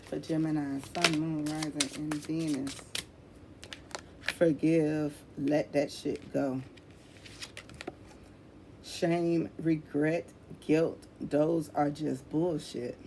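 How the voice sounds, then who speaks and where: A woman with a lowish voice gives a casual tarot reading, plain-spoken and full of swearing. She repeats her points for emphasis and keeps calling the listener honey. A faint hiss sits under the recording. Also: steady tone, drawn-out words, long pauses, mellow. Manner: blunt, swears freely, calls listener honey. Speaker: tarot reader.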